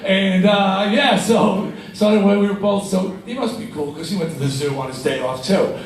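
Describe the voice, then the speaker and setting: A man's voice: high voice, moderate pace. Profane storytelling man in his sixties. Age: 60s. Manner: animated, swearing, laughing while telling stories. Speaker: guest on stage. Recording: echoey, distant live-room sound with faint noise.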